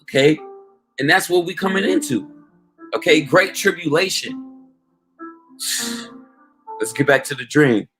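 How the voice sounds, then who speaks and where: A man's voice: on the high side, expressive, measured pace, pauses often, fairly bright tone, soft background music. A man preaching informally and emphatically, often saying "man" and asking "okay?" as he recounts a dream.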